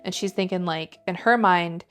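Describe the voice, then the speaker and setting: A woman's voice: fairly low pitch, moderate pace. A woman co-hosting a podcast, retelling a story in a chatty way, full of "like" fillers and casual swearing. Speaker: podcast co-host.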